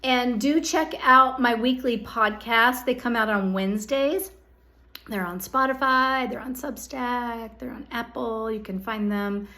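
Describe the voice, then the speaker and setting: A woman's voice: a little high, unhurried, sharp tone. Earnest woman giving a psychic energy forecast. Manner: earnest, coaxing, repeats "okay?" and speaks straight to the listener. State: hiccups. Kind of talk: direct-to-camera monthly energy forecast.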